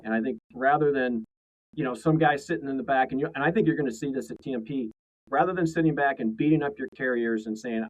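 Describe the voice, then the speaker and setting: A man's voice: mid-range voice, fast talker, low-quality recording. A man in a mid-range voice co-hosts a laid-back trade podcast. He rambles, searching for words and restarting his sentences. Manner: rambling, many fillers and restarts. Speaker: co-host. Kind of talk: casual podcast chat.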